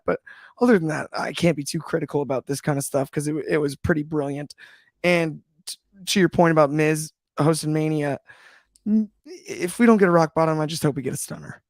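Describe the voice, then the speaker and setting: A man co-hosts a casual chat show with eager enthusiasm, stumbling and restarting as he talks. His slightly high voice has a strong gravelly fry. The sound is dry and close to the mic. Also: no room sound. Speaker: podcast co-host.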